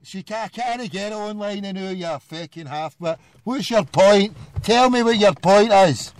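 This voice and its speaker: In a dry recording, a Scottish man with a high, unhurried voice hosts a call-in show and rants at a caller, abusive and flinging insults in a phone-in radio tirade.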